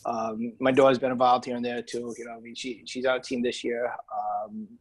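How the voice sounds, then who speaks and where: A man's voice: mid-range voice, little pitch movement, a little fast, rough recording. A man with a New England accent, a business owner talking casually as a podcast guest, with lots of fillers and restarts. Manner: chatty, many fillers and restarts.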